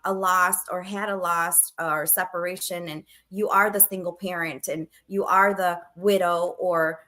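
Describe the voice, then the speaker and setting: Her mid-range voice bright and forceful, a woman in her thirties tells a personal story on the podcast she co-hosts. The telling is casual, with quoted dialogue acted out and a laugh here and there.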